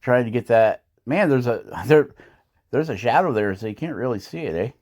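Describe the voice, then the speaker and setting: A casual male voice-over from a hobby woodcarver, explaining each step as he goes. He rambles, chuckles often and is quick to poke fun at his own skill. His pitch sits at an ordinary middle height for a man. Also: lively intonation, a little mellow. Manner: rambling, chuckling, self-deprecating. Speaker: woodcarving channel host.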